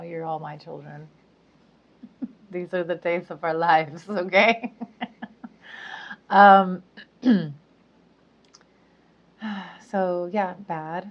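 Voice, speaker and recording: A woman with a low voice speaks at an unhurried pace in a loose, chatty monologue. She giggles often and fills pauses with ums and likes. The recording is dull and lo-fi. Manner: chatty, giggly, many fillers. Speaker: spiritual speaker. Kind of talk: casual monologue to camera. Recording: dull lo-fi sound.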